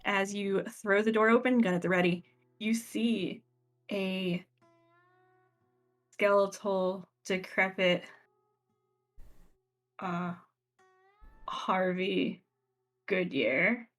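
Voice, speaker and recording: A woman game master narrating a horror tabletop game in slow, deliberate detail. Her pace is unhurried, and faint guitar music plays underneath. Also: mid-range voice, fairly even intonation, fairly bright tone.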